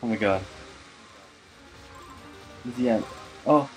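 A drunk man doing gaming commentary, cursing, shouting and laughing as he plays. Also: mid-range voice, takes it slowly, faint music behind, poor audio. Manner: profane, loud outbursts and laughing. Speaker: let's player.

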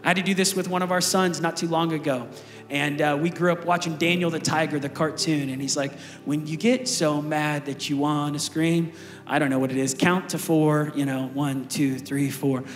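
Male pastor, high-pitched, casual and energetic sermon delivery, recorded on a stage mic in an echoey church hall. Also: a little fast, faint music behind. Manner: conversational, energetic preaching with asides to the congregation. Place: large church auditorium.

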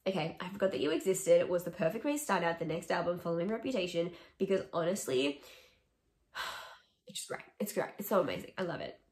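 A woman's voice: on the low side, expressive, fast, darkish tone. A young woman vlogging, talking casually and opinionatedly through a song ranking with sarcastic asides. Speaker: music vlogger. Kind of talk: casual ranking chat to camera. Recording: echoey room.

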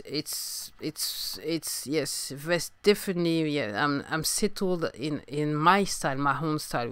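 A low, fairly bright, clean-toned female voice with no echo belongs to a woman from France who speaks with a French accent. Hosting a casual solo podcast while getting over a sore throat, she coughs and talks hesitantly, restarting often and using many fillers. She's also a singer-songwriter.

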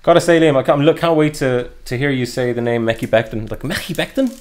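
A man's voice: medium pitch, fast, a little mellow, a little hiss or hum. A young man giving chatty, upbeat live commentary while opening trading card packs, with frequent ums and uhs. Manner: chatty, upbeat, lots of fillers. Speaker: card breaker.

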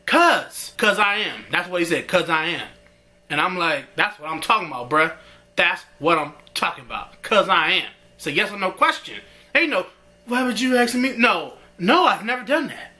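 Guy doing an excited episode recap, bouncy pitch, bright voice. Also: moderate pace. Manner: animated, slangy retelling with frequent laughter. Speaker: episode reviewer. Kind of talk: casual recap and commentary.

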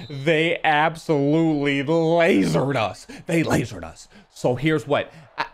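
A young man giving live commentary on his own football video game, animated and chatty with viewers. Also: fairly high pitch. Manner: excitable, shouts and laughs at big plays, talks to viewers; animated, talks with his hands.

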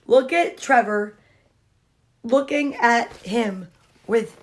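A woman reads a children's picture book aloud in a high, unhurried voice. She breaks off for giggly, chatty asides to the kids. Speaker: comedian reading to children. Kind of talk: storybook read-aloud with asides.

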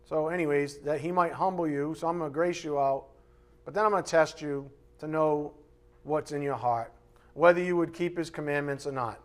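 A male pastor preaching a live sermon, reading scripture aloud and acting out voices in lively asides. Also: on the high side, moderate pace. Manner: animated preaching, reads scripture aloud, acts out God's voice in asides. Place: church sanctuary.

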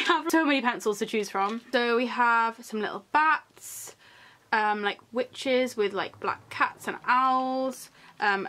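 A woman's voice: a little high, bright, forceful tone. A young woman chatting through an unboxing video, gushing and gasping often, her talk full of "like" fillers. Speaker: vlogger.

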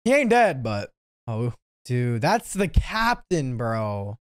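A woman hosting an anime reaction channel, commenting live with excitable shouts, laughter, slang and lots of swearing. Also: extremely low pitch, takes it slowly, smooth, dry recording, clean studio sound.

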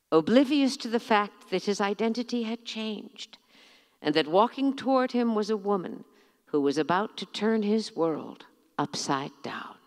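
A middle-aged woman, an author, reading from her memoir in a measured, expressive, theatrical way at a bookstore event. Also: mid-range voice, big-room sound.

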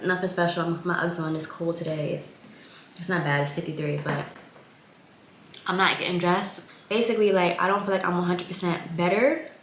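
A woman's voice: lowish voice, roomy sound, a little hiss or hum. Congested, chatty woman vlogger. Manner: chatty, rambling, many fillers. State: congested, recovering from illness. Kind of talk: casual vlog chat.

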